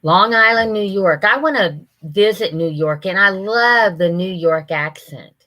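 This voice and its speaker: A woman's voice: medium pitch, lively intonation, a little slow, bright, forceful tone. An older woman hosting a casual live stream, chatting with viewers and greeting them by name, often laughing.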